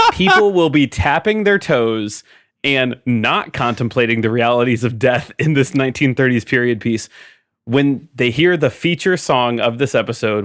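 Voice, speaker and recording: A man pitching an idea to a comedy panel with excitement, laughing now and then. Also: no room sound, studio quality. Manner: excited, breaks into sung quotes and laughs. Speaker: podcast panelist.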